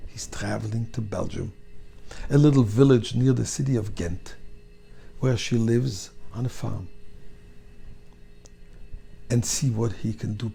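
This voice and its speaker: A rabbi tells a story from the pulpit, with a gravelly, dark voice. He acts out each part of the story, sinking to a near whisper and then surging into loud, impassioned pleading. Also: mid-range voice, a little slow, long pauses. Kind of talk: storytelling sermon.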